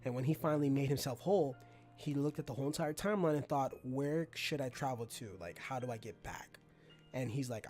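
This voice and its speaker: A man in the middle of a casual podcast conversation, speaking at an ordinary pitch. He is animated and slangy, and his sentences drop low at the ends. Faint music runs underneath. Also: fairly quick. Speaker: podcast host.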